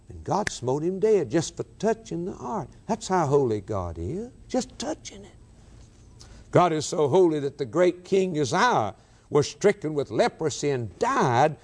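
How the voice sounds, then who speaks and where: Man preaching with dramatic swings. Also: a little high. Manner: dramatic preaching with sudden swings from loud to hushed. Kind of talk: sermon.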